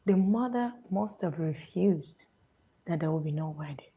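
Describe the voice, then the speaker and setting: A woman with a Nigerian accent answering viewer questions in a casual advice chat, often dropping to a hushed, confiding half-whisper. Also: fairly low pitch, expressive, measured pace, husky, highs cut off.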